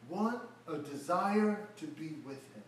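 A man's voice: a little high, animated, measured pace, a little hiss or hum. A man preaching a verse-by-verse sermon, acting out the Bible characters in casual everyday speech. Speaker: pastor. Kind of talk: expository sermon. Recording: echoey room, voice from far off the mic.

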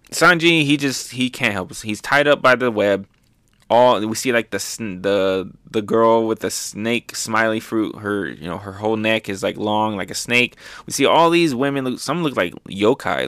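Hyped guy recapping manga, lots of ums and booms, dry room. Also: no echo. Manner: excited, lots of fillers and "boom". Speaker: manga review host. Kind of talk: casual recap commentary.

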